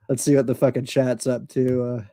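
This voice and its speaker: An American man with an average-pitched voice, chatting loosely on his podcast stream. He rambles, swears freely, and laughs at his own asides. The sound is dry and close, with no room echo. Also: little pitch movement, normal speed, mellow. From United States. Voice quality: profane, rambling, laughs often. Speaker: podcast host. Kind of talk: casual livestream chat.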